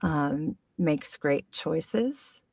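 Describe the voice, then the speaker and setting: A middle-aged woman, a voice actor, talking in a casual podcast conversation, animated and playful with frequent laughs. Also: low voice, drawn-out words, vocal fry, husky, no echo, far from the mic. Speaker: voice actor guest.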